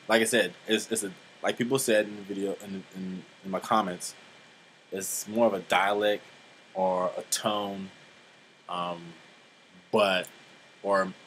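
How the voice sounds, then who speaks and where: A young man in his twenties rambles through a casual vlog monologue with a lowish voice. He talks bluntly, swears freely, and fills the gaps with "like" and "um". A faint hiss of noise sits behind him. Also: pushed and bright, poor audio. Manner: rambling, blunt and profane, many fillers. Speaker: vlogger.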